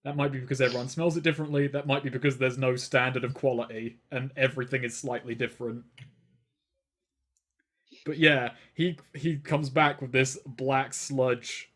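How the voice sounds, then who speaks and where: A man's voice: medium pitch, fairly even intonation, moderate pace, fairly bright tone. A man narrating a tabletop game as game master in a loose, rambling way.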